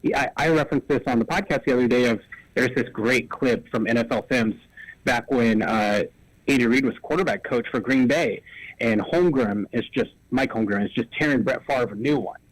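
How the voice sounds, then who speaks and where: Brisk analytical sports radio man. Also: medium pitch, no room sound, poor audio. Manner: quick, analytical, piles up examples. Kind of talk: casual sports talk. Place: radio studio.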